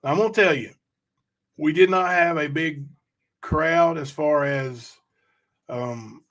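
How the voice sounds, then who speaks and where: Male livestream host, conversational, talks straight to viewers, voice sits a bit high. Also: slow, a bit bright. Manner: chatty, rambling, addresses chat directly. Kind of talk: casual livestream chat reading viewer comments.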